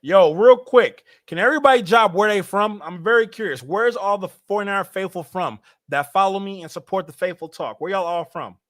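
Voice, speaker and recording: A young man hosting a sports fan livestream, animated and hyped, talking straight to his chat. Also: high-pitched, fairly quick, few pauses, dry recording, studio quality. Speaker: fan show host.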